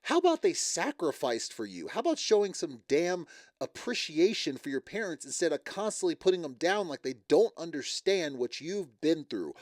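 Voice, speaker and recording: Animated sarcastic man recapping reality TV. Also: fairly high pitch, moderate pace, dry recording, studio quality. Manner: opinionated, sarcastic, laughs often. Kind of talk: casual reaction commentary.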